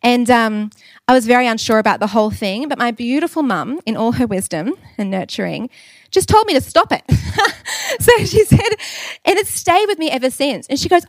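An Australian woman in her thirties delivers a sermon, weaving in candid personal stories with easy humor. Her voice sits fairly high, and the recording is dry and close. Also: animated, normal speed, no echo. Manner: candid, humorous storytelling with laughs. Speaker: preacher.

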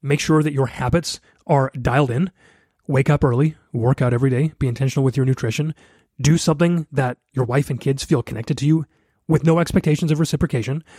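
A man's voice: mid-range voice, fairly quick, dark tone, husky, dry recording, clean studio sound. A man in his thirties hosting a solo podcast, giving blunt coaching advice straight to his listeners. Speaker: podcast host.

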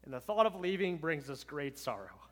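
A man who is a pastor, preaching a farewell sermon with emphasis, moving from loud declarations to hushed words and often checking in with "right?". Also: on the high side, sing-song, a little fast. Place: church sanctuary. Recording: long reverb of a large hall.

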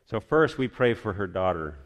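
A man's voice: fairly low pitch, normal speed, muffled recording. Man rambling through a testimony. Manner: rambling, restarts often, animated retelling. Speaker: storyteller sharing a personal testimony. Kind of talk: casual spoken testimony.

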